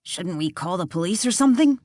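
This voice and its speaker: A woman's voice: fairly low pitch, animated, fairly quick, dark tone, no room sound, lightly acted. A woman voicing a frightened man who stammers and pleads his innocence in an audiobook. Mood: pleading.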